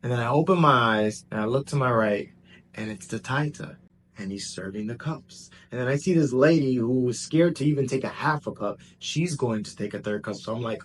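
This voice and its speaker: A man telling a personal story in a casual, animated way, jumping between excited bursts and hushed asides. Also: medium pitch, brisk, slight background noise. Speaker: vlogger.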